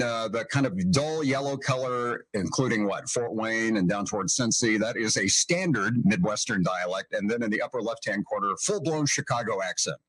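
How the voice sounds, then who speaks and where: A man's voice: mid-range voice, fairly bright tone, no room sound, low-quality recording. A man from Northeast Indiana hosting a casual chat, chuckling often as he rambles through a set of maps. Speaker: show host.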